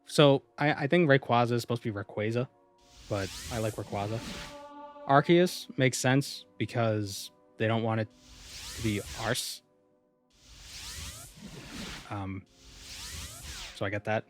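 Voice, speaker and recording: A man's voice: medium pitch, a little slow, pauses often, faint music behind. A man streaming a game, chatting casually and reading viewer comments aloud before answering them. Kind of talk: casual live-stream chat.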